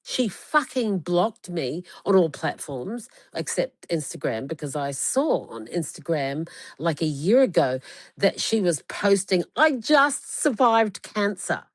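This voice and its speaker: Woman in her forties, casual chat host, blunt and profane, lower-pitched for a woman, dry close sound. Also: sing-song, unhurried, darkish tone, no room sound. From Australia. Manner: heavily profane, emphatic storytelling.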